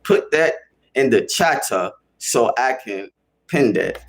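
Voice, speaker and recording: A young man with a Chicago accent hosting a casual livestream, talking to his chat in a slangy, animated way and repeating himself for emphasis. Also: medium pitch, slow pace, a little hiss or hum. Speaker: livestream host.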